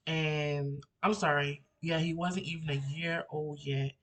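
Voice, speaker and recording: A man's voice: a little high, steady tone, unhurried, a bit bright. Young man rambling through a story. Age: 20s. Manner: rambling, emotional retelling full of fillers and restarts. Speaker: vlogger. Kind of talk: personal story-time vlog. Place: at home.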